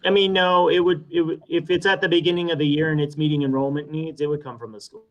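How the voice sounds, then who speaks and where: A man's voice: fairly high pitch, steady tone, fast talker, muffled recording. A man explaining school budget matters in a council meeting over a video call, with some hesitation. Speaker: school administrator.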